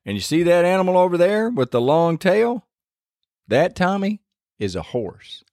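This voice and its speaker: A man's voice: high-pitched, sing-song, moderate pace, a little mellow, no echo, clean studio sound, voice pushed up. A man voicing a weary father patiently showing his little son the farm animals.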